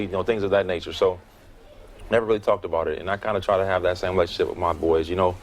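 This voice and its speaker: Deep-voiced male athlete, relaxed and thoughtful. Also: racing, slight background noise. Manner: relaxed, thoughtful, hesitant with fillers. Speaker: interview guest, football player. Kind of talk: casual interview.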